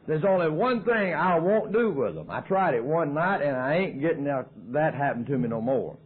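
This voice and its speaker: A man's voice: on the high side, lively intonation, normal speed. Folksy Southern man, tinny old tape. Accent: Southern American. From American South. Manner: folksy, joking storyteller. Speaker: AA speaker. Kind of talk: recovery talk at a meeting.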